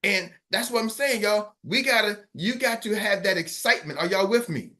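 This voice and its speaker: A man with a high, forceful voice gives a pep talk as a business coach on an online call. He is middle-aged and energetic, and he repeats his points and asks his listeners again and again whether they are with him. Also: normal speed. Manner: energetic, repetitive, keeps asking the audience if they follow.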